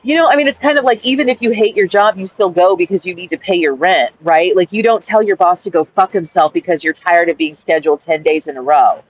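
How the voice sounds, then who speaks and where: A woman's voice: lowish voice, fast, few pauses. A woman who reads her old journal entry aloud, then tells the story in a frank, rambling way with lots of "like"s and a bit of swearing. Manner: rambling, with many "like"s and restarts; frank and exasperated, swears freely. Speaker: vlogger. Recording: slightly dull lo-fi recording.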